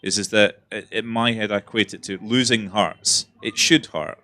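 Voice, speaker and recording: A Scottish man with a low, forceful voice speaks on a festival panel. He is frank and emphatic, pressing his points home with earnest conviction. He sounds like a seasoned theatre director. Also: steady tone, moderate pace. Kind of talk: panel discussion.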